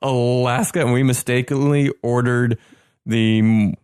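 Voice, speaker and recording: A man co-hosting a casual podcast, quick with a wisecrack. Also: mid-range voice, fairly even intonation, darkish tone, clear, resonant tone, no echo, clean studio sound. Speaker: podcast co-host. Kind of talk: casual chat.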